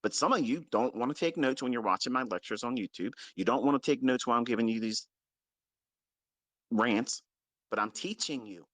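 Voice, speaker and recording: A man's voice: medium pitch, a little fast, a bit bright, dry recording. A man teaching trading, scolding his followers in a blunt, heavily profane rant and repeating his points for emphasis. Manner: stresses points by repeating them. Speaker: trading mentor. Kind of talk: unscripted ranting lecture to followers.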